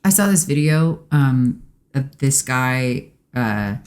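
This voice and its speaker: A woman with an extremely low voice speaks slowly as a podcast guest, the host's wife, in casual conversation. She's earnest and reflective about relationships, quoting people in lively bursts.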